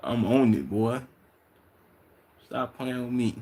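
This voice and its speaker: A young man from Chicago, a livestreamer reading out and answering chat in loose, profane, excitable banter. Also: medium pitch, slow pace.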